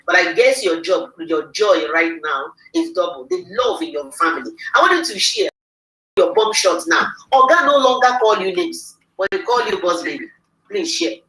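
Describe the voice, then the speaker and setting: Excitable woman hosting, echoey room. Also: on the low side. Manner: excitable, rallying the audience. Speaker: host. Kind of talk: livestream interview. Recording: echoey room, mic far off.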